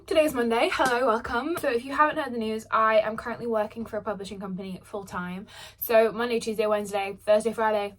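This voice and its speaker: Here a young book vlogger talks to camera at home in a relaxed, effusive vlog style. Her voice sits on the high side, and there's a little hiss or hum in the recording.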